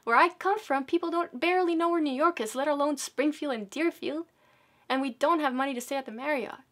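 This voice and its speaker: A woman doing a frantic, high-pitched mother. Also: a little fast, fairly bright tone. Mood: exasperated. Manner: pleading, exasperated, raised voice. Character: frantic, insistent middle-aged mother.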